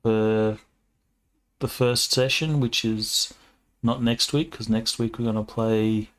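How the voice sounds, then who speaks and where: Low-voiced game master chatting casually. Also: male voice, fairly even intonation, takes it slowly. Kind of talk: casual tabletop session chat.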